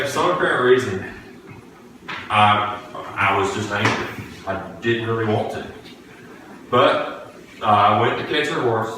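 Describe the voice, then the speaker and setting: A man's voice: lowish voice, background noise. A man preaching a sermon in a church, telling a personal story earnestly and restarting phrases as he goes. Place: church sanctuary. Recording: echoey room, distant from the mic.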